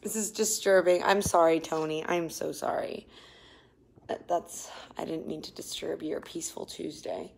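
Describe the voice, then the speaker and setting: A young woman live-streaming from her shared apartment on a phone, feeling nauseous, chatting with viewers and drifting between loud outbursts and tired murmurs. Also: low voice, fairly even intonation, normal speed, creaky. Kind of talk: casual live-stream chat reading comments.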